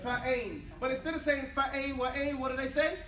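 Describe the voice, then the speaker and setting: A man's voice: very high-pitched, steady tone, normal speed, fairly bright tone. A man teaching an Arabic class, drilling the students in call and response with a casual, joking manner. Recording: echoey room, distant mic, class audible.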